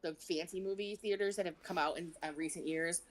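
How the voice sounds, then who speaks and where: A woman's voice: on the low side, fairly even intonation, fairly quick. A woman co-hosting a live stream, chatting animatedly and reading viewer comments aloud. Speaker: livestream co-host reading chat. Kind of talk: casual chat.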